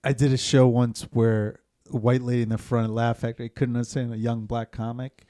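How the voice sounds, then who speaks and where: A man hosting a podcast in casual chat, relaxed, asking his guest questions. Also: mid-range voice, brisk, no room sound, clean studio sound. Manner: relaxed, asks questions, short backchannel replies. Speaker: podcast host, comedian.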